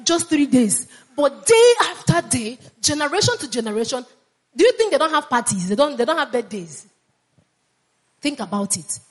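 A woman's voice: high-pitched, sing-song, normal speed. A woman preaching a sermon with fervor, repeating phrases and calling on the congregation to answer back. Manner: fervent, repeats phrases, calls on congregation to respond.

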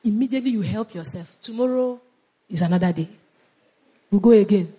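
A woman's voice: medium pitch, brisk, warm tone, breathy edge. A woman preaching a sermon with fervor, repeating phrases and calling on the congregation to answer back. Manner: fervent, repeats phrases, calls on congregation to respond.

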